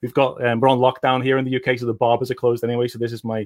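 A middle-aged man with a Liverpool accent, a friendly guest on an online interview, talking quickly and easily. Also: mid-range voice, flat delivery, a little mellow.

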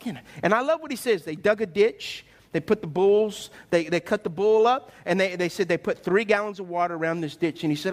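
A man preaching a sermon as pastor, animated and conversational, asking his listeners questions. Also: high-pitched, brisk, hardly any pauses.

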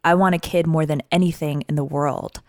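A woman's voice: sits low, steady tone, a little fast, no echo, studio quality. A woman in her thirties giving scripted narration in a wry, confiding way.

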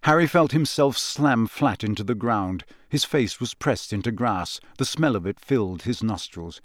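A male audiobook narrator reads in a measured, steady voice of middle pitch. The recording is close and dry, with no room sound. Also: dry recording. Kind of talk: scripted narration.

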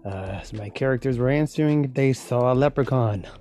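Sleepy, mellow-voiced male host. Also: medium pitch, brisk. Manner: rambling, thinking aloud. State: sleepy, yawning. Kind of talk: casual podcast chat.

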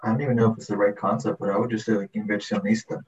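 A man's voice: on the low side, little pitch movement, very fast, a little mellow, breathy edge. A man in a casual chat, speaking dryly and matter-of-factly. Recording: dull lo-fi sound.

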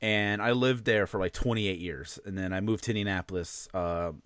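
A man's voice: lowish voice, steady tone, normal speed, a bit bright, smooth, dry recording. A man in his late thirties with a Chicago accent, co-hosting a podcast in rambling casual chat, often stopping to restart and laugh. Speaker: podcast co-host.

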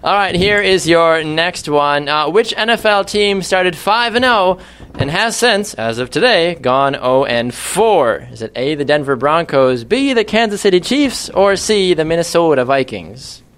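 A young man hosting a sports quiz, reading questions and tossing in quick joking asides. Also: a little high, animated, a bit bright, clean tone. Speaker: quiz host. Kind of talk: casual quiz hosting with banter.

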